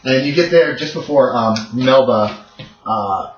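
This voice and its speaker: A man's voice: medium pitch, unhurried. A man narrating a tabletop horror game as game master, casual and rambling with many fillers. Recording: dull roomy recording.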